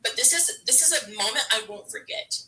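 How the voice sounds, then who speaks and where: A woman's voice: on the high side, expressive, a little fast, sharp tone, distant mic, rough recording. A woman football fan ranting to camera in a frustrated, exasperated way, stammering and restarting her sentences. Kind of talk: emotional fan rant to camera.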